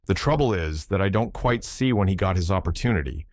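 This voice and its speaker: A man voicing a brisk, shrewd middle-aged police inspector in a matter-of-fact manner. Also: sits low, expressive, no echo, clean studio sound. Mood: businesslike.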